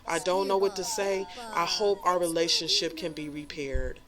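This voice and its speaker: A woman's voice: fairly low pitch, close to an everyday voice. A woman voicing a hurt, angry father. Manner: halting, repeats phrases. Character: angry middle-aged father, hurt and stern.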